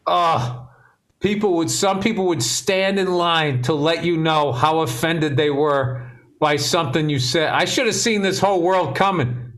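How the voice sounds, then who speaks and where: Male comic co-host, high-pitched, swears freely, tells loose stories with laughs mixed in. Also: fairly even intonation, measured pace, a bit bright. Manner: profane, laughing storyteller. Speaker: comedian podcast co-host. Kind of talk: casual podcast chat.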